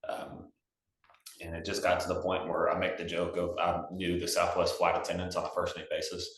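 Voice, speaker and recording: A young man from Texas, a singer-songwriter guest, telling stories in a relaxed, chatty way with lots of fillers. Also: low voice, brisk. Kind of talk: casual storytelling. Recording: roomy echo.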